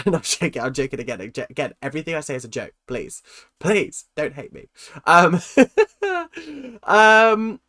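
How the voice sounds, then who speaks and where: A man's voice: fairly high pitch, sing-song, unhurried, long pauses, fairly bright tone. A young man hosting a livestream, reading out chat comments and answering with teasing, self-mocking jokes and lots of ums. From London. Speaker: livestream host.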